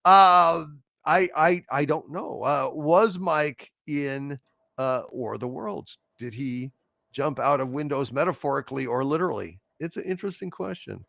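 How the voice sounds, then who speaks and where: A man's voice: a little high, a little slow, vocal fry, sharp tone, dry recording, clean studio sound. A man hosting a casual livestream, reading out viewer super chats and reacting in a blunt, profane, joking way. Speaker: host.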